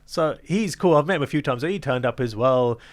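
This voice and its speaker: A fast-talking magician from London in his thirties tells an anecdote in a relaxed interview. He is animated and laughs easily, and he slips into the voices of the people he quotes. His pitch sits in an ordinary middle range. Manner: animated, acts out quoted dialogue, laughs often. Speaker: magician guest. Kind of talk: casual storytelling in an interview.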